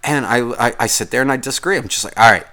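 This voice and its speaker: A man in the middle of a podcast rant, cursing freely and complaining as he goes. His talk wanders from point to point in an unscripted, off-the-cuff monologue at an everyday pitch. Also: lively intonation, racing, pushed and bright. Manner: profane, rambling, complaining. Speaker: podcast host. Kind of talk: casual ranting monologue.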